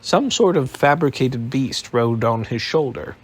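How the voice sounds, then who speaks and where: A man narrating an audiobook in a steady, even storytelling manner. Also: medium pitch, measured pace, husky.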